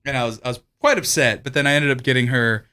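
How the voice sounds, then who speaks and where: A man's voice: medium pitch, fast talker, sharp tone, smooth. A man co-hosting a podcast in casual chat, rambling and profane, laughing often as he tells stories. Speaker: podcast co-host.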